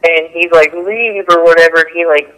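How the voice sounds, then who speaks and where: A man's voice: fairly high pitch, monotone, fast talker, sharp tone, smooth, low-quality recording. A man chatting enthusiastically as a podcast guest, laughing often and saying "like" a lot. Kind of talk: casual chat.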